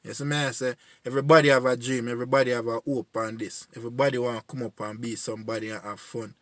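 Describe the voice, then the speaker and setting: A man's voice: mid-range voice, level tone, fast talker, fairly bright tone, dry recording. A man in his forties from Jamaica with a Jamaican accent, making an earnest, repetitive spoken appeal to young men. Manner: pleading, repetitive, heartfelt. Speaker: community voice addressing young men.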